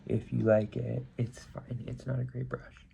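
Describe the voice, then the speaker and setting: A man's voice: mid-range voice, little pitch movement, a little slow, creaky, warm tone, slight background noise. A young man with a slightly stuffy nose, chatting casually as he does his makeup on camera, rambling and correcting himself as he goes. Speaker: makeup vlogger. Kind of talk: casual get-ready-with-me chat.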